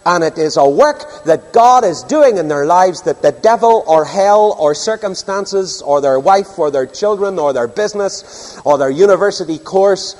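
Older preacher, emphatic sermon delivery, voice soaring high in a reverberant hall. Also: male voice, animated, moderate pace, darkish tone. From Northern Ireland. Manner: emphatic, rhetorical questions, sweeping pitch.

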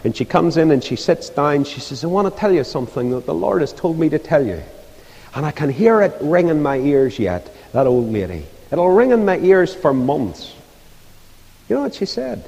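A man's voice: fairly high pitch, sing-song, moderate pace, vocal fry, a little mellow, husky. A man preaching an impassioned evangelistic sermon, rising to fervent appeals. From Northern Ireland. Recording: echoey hall with long reverb.

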